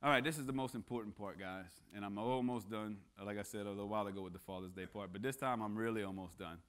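A man's voice: fairly low pitch, fast talker, fairly bright tone, clean tone. A man speaking as a guest at church, preaching a casual sermon that mixes jokes with earnest appeals and frequent restarts. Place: church sanctuary.

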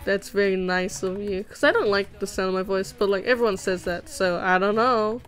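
A young livestreaming animator talks with her viewers while she draws, reading the chat in a bubbly, rambling way with plenty of giggles and fillers. She speaks at normal speed in a medium-pitched, slightly bright voice.

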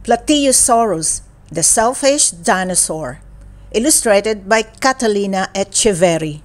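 A woman reading a children's picture book aloud in an expressive storytelling manner. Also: medium pitch. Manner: slow, expressive and animated reading. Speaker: storybook reader.

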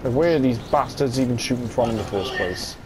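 A man's voice: mid-range voice, a little fast, very noisy. A young man giving gameplay commentary, irritable and swearing, muttering to himself as he plays. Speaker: gamer.

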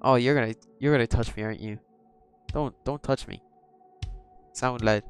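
A man's voice: mid-range voice, moderate pace, smooth, faint music behind. A man hosting a horror game let's-play, jumpy and swearing, chatting to the characters on screen. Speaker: gaming channel host.

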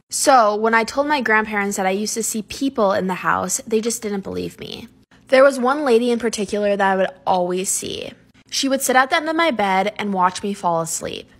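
A woman telling a scary story from her own life to camera, in an earnest, steady way. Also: medium pitch.

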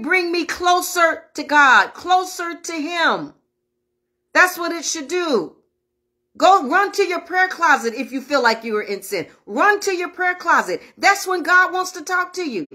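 A woman's voice: very high voice, sharp tone. A woman minister preaching an online sermon, emphatic and repetitive, speaking straight to her viewers. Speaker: minister and host of an online prayer show.

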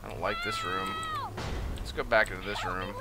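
A man's voice: on the low side, huge pitch swings, moderate pace, loud music behind the voice. A man giving casual, jokey, profane commentary while he plays through a video game. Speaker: gaming streamer.

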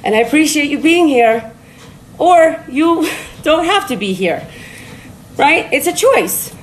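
High-voiced woman rambling on a treadmill. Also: big pitch swings, slow, poor audio. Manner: rambling and blunt, with frequent laughs and swearing. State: walking on a treadmill while talking. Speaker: TikTok live streamer. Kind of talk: casual motivational live-stream talk. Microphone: phone live stream.

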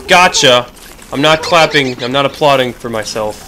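Excitable cursing man playing a game. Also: a little high, measured pace, a little hiss or hum, rough recording. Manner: excitable, profane, swings between shouting and muttering. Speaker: let's play gamer. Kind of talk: gaming commentary.

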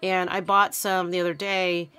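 A woman co-hosting a casual podcast, telling animated stories with lots of fillers and laughter. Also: fairly low pitch, normal speed. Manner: animated storyteller, many fillers, laughs often. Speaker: podcast co-host. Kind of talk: casual chat.

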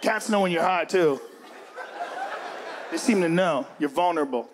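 A man performing a stand-up routine on stage, loud and profane, acting out the animals in his bits. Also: a little high, expressive, moderate pace, background noise. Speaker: stand-up comedian. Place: comedy stage before a large audience. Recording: live show with loud crowd. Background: loud audience laughter.

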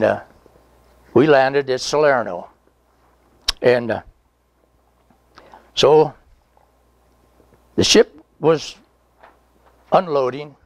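Speaking in a mid-range voice with no room sound, a veteran in his nineties rambles through a folksy story during an oral history interview. He chuckles along and reenacts the dialogue.

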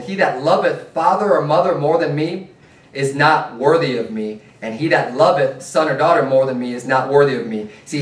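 A man preaching in a church, his slightly high voice carrying through a roomy, echoing space. He sounds set back from the microphone, earnest and plain-spoken as he moves between scripture readings and direct appeals. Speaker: pastor. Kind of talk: sermon. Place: church sanctuary. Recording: echoey room, mic at a distance.

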